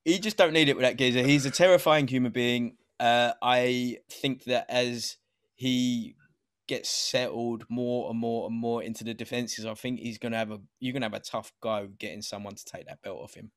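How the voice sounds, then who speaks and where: A man's voice: medium pitch, fairly even intonation, normal speed, dry recording. A British man banters laid-back about fights, teasing his co-host with jokes. His voice sits mid-range and sounds dry and close, with no room around it. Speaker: podcast co-host. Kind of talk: casual banter.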